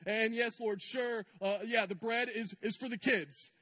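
A man's voice: very high voice, steady tone, unhurried, bright, forceful tone, exaggerated voice. A man voicing a desperate, humble mother who begs for scraps, pleading and self-abasing but persistent.

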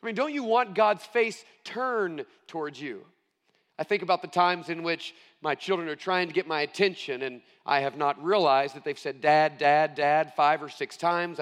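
A middle-aged male pastor preaching a sermon, earnest and emphatic, stressing key phrases slowly. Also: a little high, fairly bright tone, big-room sound.

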